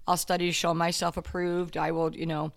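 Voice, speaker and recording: Gravelly man musing with halting restarts. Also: fairly high pitch, monotone. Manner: halting, restarts a lot, reflective. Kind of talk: casual faith discussion.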